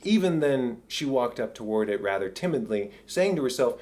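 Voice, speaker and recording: A man narrating an audiobook of a classic tale, with a measured storytelling delivery. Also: medium pitch, very animated, darkish tone. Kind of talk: scripted narration.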